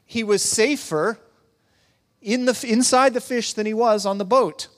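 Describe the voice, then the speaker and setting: Pastor, male, slightly high voice, chatty preaching with jokes, hall echo. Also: measured pace. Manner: conversational preaching with humor and asides to the congregation. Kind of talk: sermon. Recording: long hall reverb.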